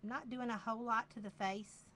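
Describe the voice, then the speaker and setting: A woman with a Southern accent demonstrating a craft project live, talking in an unhurried, chatty way and repeating phrases as she works. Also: a little high, steady tone, pushed and bright, slight background noise.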